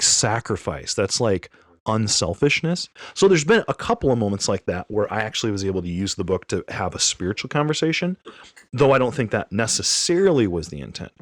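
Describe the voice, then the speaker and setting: A man in his thirties chatting on a podcast, telling an animated, rambling story and correcting himself as he goes. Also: on the low side, no echo, clean studio sound. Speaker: podcast co-host. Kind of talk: casual chat.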